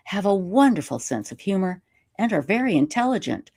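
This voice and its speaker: A woman live streamer telling a story in casual interview chat, animated and self-mocking, laughing often. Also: mid-range voice, moderate pace, husky, no echo, clean studio sound. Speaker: YouTube live streamer reading a letter.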